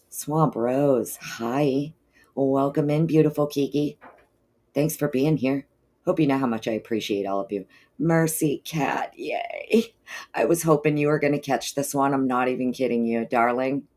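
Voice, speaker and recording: A woman hosts a casual livestream and works through her chat, greeting viewers by name and calling them honey and darling. She sounds low on energy and clears her throat often. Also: darkish tone. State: low energy, not feeling peppy. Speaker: livestream host.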